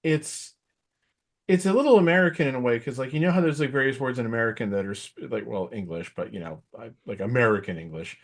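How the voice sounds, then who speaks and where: A middle-aged man with a mid-range voice talks fast as he co-hosts a podcast, rambling casually about wrestling with plenty of fillers and animated asides.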